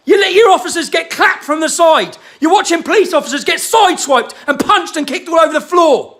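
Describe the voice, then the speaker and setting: An angry man delivering a shouted, swear-heavy rant to camera, firing rhetorical questions. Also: very high-pitched, animated, fairly quick, hardly any pauses. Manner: confrontational, jabbing rhetorical questions. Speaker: political commentator.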